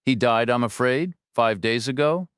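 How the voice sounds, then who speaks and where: A man's voice: mid-range voice, moderate pace, a bit bright, clean tone, no echo, clean studio sound, voice pushed up, close to an everyday voice. A man voicing a persistent young woman lawyer who presses with polite questions. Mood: earnest.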